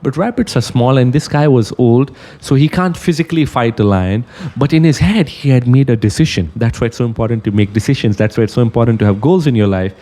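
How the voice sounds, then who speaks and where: A man's voice: medium pitch, fast, hardly any pauses, mellow. A man giving a motivational talk, telling a fable earnestly and emphatically and breaking off to draw its lessons. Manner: earnest, emphatic storytelling with asides. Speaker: motivational speaker. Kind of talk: motivational storytelling.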